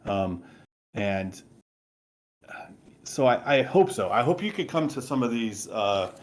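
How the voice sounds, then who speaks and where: A man presenting a technical software overview and answering questions, talking enthusiastically and loosely with plenty of fillers. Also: medium pitch, sing-song, a little slow, slight background noise.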